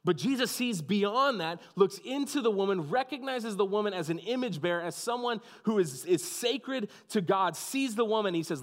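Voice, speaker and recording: Man, pastor, sermon, higher voice, storytelling pauses, hushed moments, long hall reverb. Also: expressive. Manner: storytelling, dramatic pauses, drops to hushed softness.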